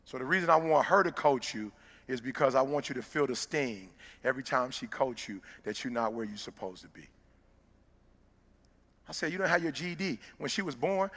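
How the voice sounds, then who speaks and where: Gravelly-voiced man giving a fiery motivational speech. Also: mid-range voice, expressive, fairly quick, a bit bright. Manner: emphatic, preacher-like, direct address to listeners. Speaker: motivational speaker. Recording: long reverb of a large hall.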